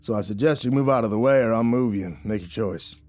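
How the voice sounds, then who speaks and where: A man's voice: fairly low pitch, fast talker, a little mellow, close to an everyday voice. A man voicing a short-tempered drifter gunslinger who drawls and growls his threats. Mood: irritated.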